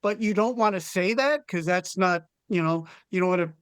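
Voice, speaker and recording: A man's voice: high voice, moderate pace, a bit bright, clean tone, dry recording. Easygoing male guest comedian, dry sound. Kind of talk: casual comedic chat.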